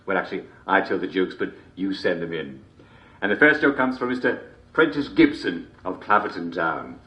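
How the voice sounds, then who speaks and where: A man's voice: deep voice, sing-song, moderate pace, sharp tone, exaggerated voice. An actor playing a jolly TV show host, chuckling constantly between lines in chummy showman patter. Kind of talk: video game character performance.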